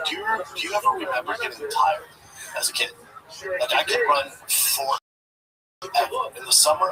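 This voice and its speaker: A man's voice: medium pitch, vocal fry, distant mic, low-quality recording. A man in casual comedic chat, rambling, laughing and swearing. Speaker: podcast co-host.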